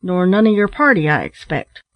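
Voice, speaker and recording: Pushy, nosy rough digger firing off prying questions in dialect, voiced by a woman. Lifted pitch, dry recording. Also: big pitch swings, normal speed, no room sound, muffled recording.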